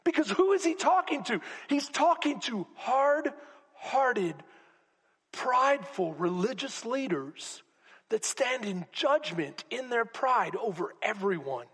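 A man preaching a sermon as pastor to a congregation, swinging between loud exclamations and hushed asides. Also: extremely high pitch, sing-song, takes it slowly, breathy edge. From Texas. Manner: preaching with rising shouts and sudden quiet drops. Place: church sanctuary. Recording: long hall reverb.

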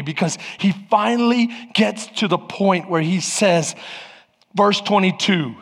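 A pastor preaching an impassioned sermon, shouting at peaks and acting out prayers. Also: male voice, sits high, unhurried, breathy edge. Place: church sanctuary. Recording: long hall reverb.

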